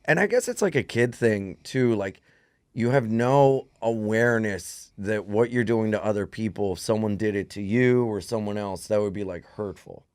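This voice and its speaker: A man's voice: on the low side, moderate pace, clean tone, dry recording. A man co-hosting a comedy podcast, telling stories casually and acting out the voices of people in them, in a studio. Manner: animated, acts out voices in his stories.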